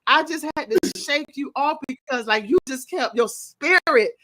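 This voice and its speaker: A woman's voice: high voice, moderate pace, pushed and bright, low-quality recording. A woman co-hosting a casual podcast discussion, playful and teasing as she recounts things and asks questions.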